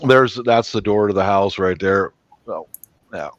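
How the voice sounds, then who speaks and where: A man's voice: sits low, a little slow, muffled recording. A man chatting casually on a family live stream, easygoing and teasing, speaking through a webcam mic at home. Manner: easygoing, teasing, rambling about cars. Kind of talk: casual chat.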